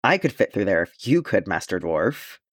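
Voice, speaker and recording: A man's voice: low voice, big pitch swings, moderate pace, fairly bright tone, dry recording, studio quality, heavily acted. A man reading the part of a small, timid little girl in an audiobook, shy and earnest.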